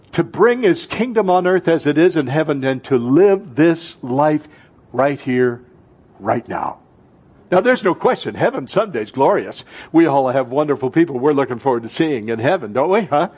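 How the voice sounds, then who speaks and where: A male pastor preaching a sermon, swinging between loud fervent bursts and soft, hushed passages, calling out to his congregation. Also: a little high, slightly rough. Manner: calls out to the congregation.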